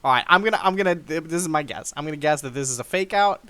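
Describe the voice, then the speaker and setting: A man's voice: a little high, fast, clean tone, dry recording. A young man hosting a game playthrough, reading the story aloud with dramatic flair and chuckling along. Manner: lively, chuckling, reads narration dramatically. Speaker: let's play host.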